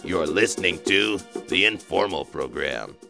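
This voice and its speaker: A man voicing a deep-voiced male radio show announcer who speaks in a slow, formal way. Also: expressive, creaky, over music, heavily acted. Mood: announcing.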